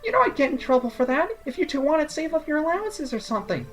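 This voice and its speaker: A man's voice: extremely high pitch, big pitch swings, quick pace, a bit bright, soft background music, pitched above the performer's own voice, full character voice. A man voicing a bossy young village girl in a prim, scolding tone.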